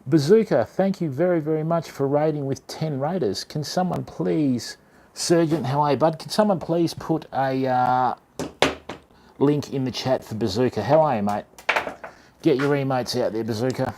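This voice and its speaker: A man's voice: mid-range voice, normal speed, noisy background. A young Australian man streaming live, chatting casually to viewers while demonstrating.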